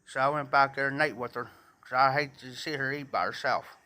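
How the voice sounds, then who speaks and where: A man's voice: medium pitch, fairly even intonation, brisk, pushed and bright. A man telling a rambling, repetitive story to viewers in a casual live stream. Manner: rambling, repeats himself, talks straight to viewers.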